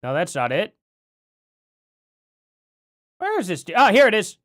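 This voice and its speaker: A man's voice: high-pitched, huge pitch swings, unhurried, fairly bright tone. A man live streaming casual commentary, rambling with lots of fillers and chuckles.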